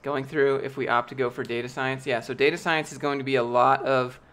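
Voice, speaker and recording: Young man, live-stream chat, rambling and jokey, swears a lot, mid-pitched voice. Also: steady tone, brisk, fairly bright tone.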